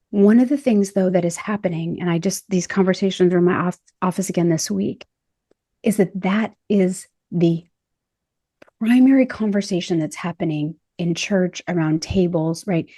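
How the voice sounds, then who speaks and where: Recorded in a clean studio without echo, this podcast host and body image coach has a lowish, mellow voice and a moderate pace. Chatting casually, she gets animated, laughs a lot and acts out other people's words.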